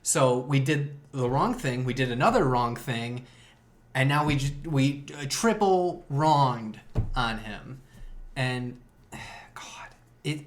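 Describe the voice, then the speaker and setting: A man's voice: medium pitch, expressive, a little slow. A man co-hosting a casual podcast, ranting sarcastically and laughing often. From Chicago area. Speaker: podcast co-host. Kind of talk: casual chat.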